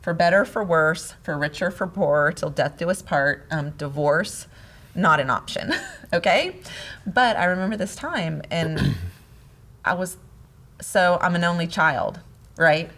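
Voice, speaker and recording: A middle-aged woman co-hosting a casual talk on marriage, telling stories in an animated way and laughing often. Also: on the low side, unhurried. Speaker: podcast co-host, wife. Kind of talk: casual conversation about marriage.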